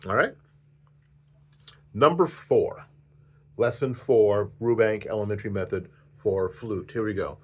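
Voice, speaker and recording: A man's voice: lowish voice, unhurried, long pauses, husky. A man teaching a flute lesson on video, patient and repetitive, counting the student in.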